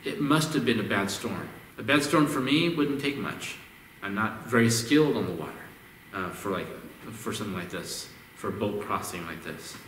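This pastor's voice is lowish, a bit bright and animated, at normal speed. He delivers a conversational sermon in a church sanctuary, frequently restarting phrases and repeating words. A distant mic captures the echoey hall along with a little hiss or hum.

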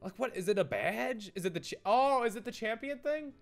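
Lively, high-voiced man giggling and rambling through a video game playthrough. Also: brisk, faint music behind. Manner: giggly, rambling, easily sidetracked. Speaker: gaming channel host. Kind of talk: let's play commentary.

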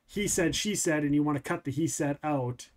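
A man's voice: a little high, moderate pace. A man hosting a podcast interview, asking curious, eager questions. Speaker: podcast host. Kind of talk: casual interview chat.

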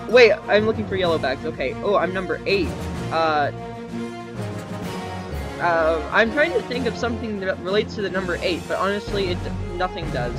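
A young man chatting through a game for his channel, rambling and joking at himself, with nervous yelps for help. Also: high voice. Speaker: gaming YouTuber. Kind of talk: casual let's-play commentary. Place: home computer desk. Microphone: desk microphone. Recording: faint game music behind.

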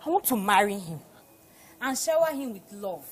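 Young woman, gold-digger, Nigerian English accent, scornful, lively pitch. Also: moderate pace, slightly rough. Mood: boastful. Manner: scornful, boastful. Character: scheming gold-digging young woman, boastful. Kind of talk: film drama acting.

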